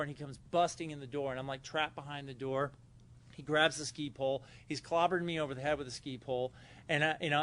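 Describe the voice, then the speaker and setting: Man with a Southern California accent, a little high-pitched, tells a loose, rambling recovery story at a meeting. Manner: loose, rambling, acts out quotes loudly. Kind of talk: personal story told to a meeting. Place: hotel meeting room.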